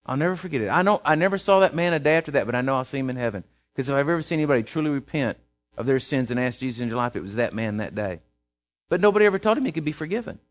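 A man's voice: mid-range voice, animated, very fast. A man preaching a sermon, telling a story and building to emphatic, repeated phrases. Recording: dull lo-fi sound.

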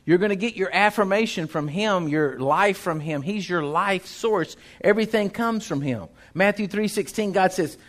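A man's voice: high voice, moderate pace, few pauses, fairly bright tone. A male pastor, preaching a sermon in a folksy, conversational way that builds in intensity.

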